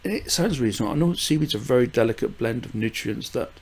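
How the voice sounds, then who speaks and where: A man's voice: mid-range voice, animated, fast, slightly rough. An older man from the UK rambling casually through a gardening vlog, with frequent fillers, restarts and small chuckles. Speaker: gardening vlogger.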